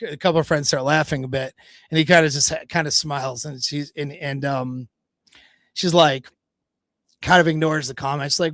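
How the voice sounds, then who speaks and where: A man's voice: a little high, steady tone, unhurried, pauses often, fairly bright tone, no echo, clean studio sound. A man coaching on dating in a livestream, retelling an encounter casually with quoted dialogue, restarts and occasional swearing. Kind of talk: livestream storytelling.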